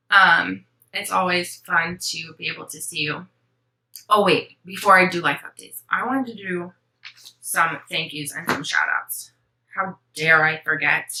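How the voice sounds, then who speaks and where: A young woman from Florida hosts a cross-stitch vlog, chatting to the camera in a sentimental, meandering way full of ums. Her voice sits on the low side but sounds pushed and bright, captured in an echoey room on a low-quality recording.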